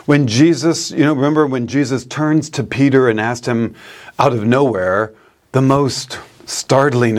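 Slow-speaking priest giving a homily. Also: male voice, medium pitch, darkish tone. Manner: storytelling, laughing at his own anecdotes. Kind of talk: sermon.

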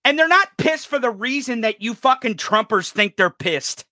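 A male podcast host delivering an angry, profane political rant, often shouting. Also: very high voice, animated, normal speed, no echo, clean studio sound.

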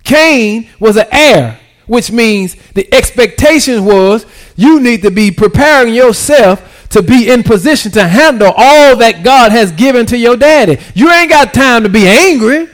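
A man with a high voice preaching a sermon. He keeps checking in with the congregation and swings from near-whispered asides up to loud, excited peaks. His grammar is loose and conversational. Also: measured pace, few pauses. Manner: preaching with call-and-response, swinging from hushed to shouted; casual vernacular grammar. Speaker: pastor.

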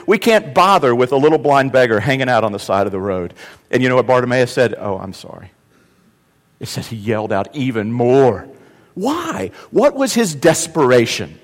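Animated preacher in a reverberant hall. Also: male voice, medium pitch. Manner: animated storytelling, acting out voices from loud cries to hushed asides. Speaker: pastor. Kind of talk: sermon. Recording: long reverb of a large hall.

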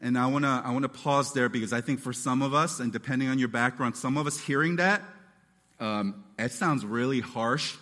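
A man preaching a sermon as pastor, animated and acting out voices and quotes as he teaches. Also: medium pitch, fairly quick, long reverb tail.

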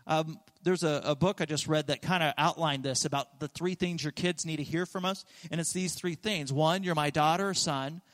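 Male pastor, higher-pitched voice, earnest, repeats key phrases; preaching in a church with a long hall echo. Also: fairly even intonation, normal speed, hardly any pauses. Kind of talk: sermon. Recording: long reverb of a large hall.

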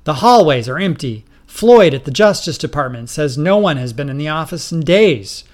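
A man doing a bossy raging president in a storybook reading, loud, pitched up, barking orders. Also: lively intonation, moderate pace, lightly acted. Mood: angry. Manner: shouting, ranting. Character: blustering irate male president, bossy.

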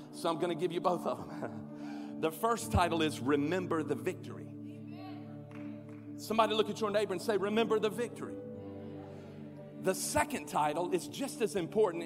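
High-voiced man preaching in a hall. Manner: call-and-response preaching, swelling to shouts. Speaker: pastor. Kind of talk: sermon. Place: large church auditorium. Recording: long hall reverb with music behind.

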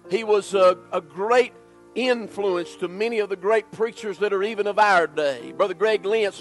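A man leading a fervent church prayer and sermon, rising to shouts as he preaches. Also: high-pitched, low-quality recording. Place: church service.

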